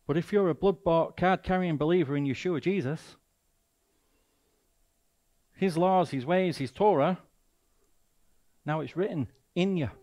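Mancunian male guest preacher, fairly high voice, emphatic, rhetorical questions. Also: measured pace, long pauses, darkish tone. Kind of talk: sermon.

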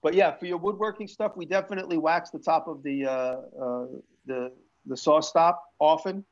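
A man's voice: on the high side, steady tone, normal speed. A man hosting a casual live-stream chat, rambling with frequent restarts and fillers. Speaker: show host and maker. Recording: lo-fi stream audio.

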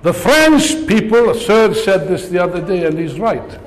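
Here the older man's voice sits high and sounds animated, keeping a moderate pace. As a political speaker in a large hall, he rouses his audience with sarcastic jabs and one rhetorical question after another.

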